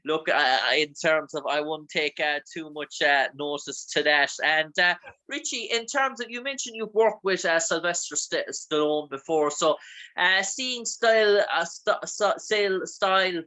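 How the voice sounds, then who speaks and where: A man's voice: a little high, unhurried, pushed and bright, low-quality recording. A man from Ireland with an Irish accent, interviewing a guest with long, rambling, filler-heavy questions. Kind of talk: casual interview chat.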